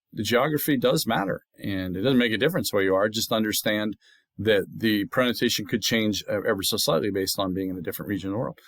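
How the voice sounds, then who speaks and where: Lower-voiced man patiently teaching pronunciation. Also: a bit bright, no echo. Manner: patient, explanatory, repeats words slowly to model pronunciation. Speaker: anatomy instructor. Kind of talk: recorded video lecture.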